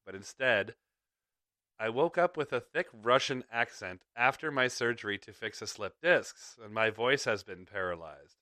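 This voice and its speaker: A man's voice: medium pitch, bright, forceful tone, no echo, studio quality. A man hosting a podcast in rambling casual chat, chuckling between thoughts, with a slight clicky sound to his voice. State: slight clicky voice from ear infection. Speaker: podcast host.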